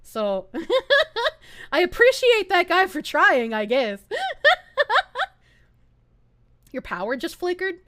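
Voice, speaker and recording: A woman's voice: extremely high pitch, big pitch swings, a little slow, a bit bright, no room sound, studio quality. A young woman streamer with a Southern US accent, chatting casually while reading chat aloud, laughing often and swearing freely. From American South. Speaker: VTuber streamer.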